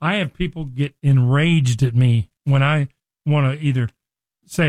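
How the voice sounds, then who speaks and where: A man's voice: mid-range voice, a little slow, a little mellow, no room sound. A man teaching a sermon on a Christian radio show, earnest and conversational, now and then acting out the people in the story. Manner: earnest, acts out quoted speech with rising emphasis.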